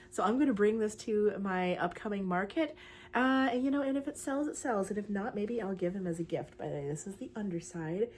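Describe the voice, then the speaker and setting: A young woman, chatting casually and excitedly about her crochet project for her vlog, with lots of fillers. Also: medium pitch. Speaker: crochet vlogger.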